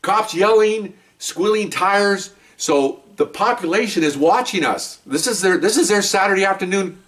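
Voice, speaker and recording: Older guy retelling cop war stories, lively, voice a little high and off-mic. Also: moderate pace, distant mic. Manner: animated, acts out scenes with sudden high yelps and laughs. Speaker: retired police officer telling stories. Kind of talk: casual storytelling.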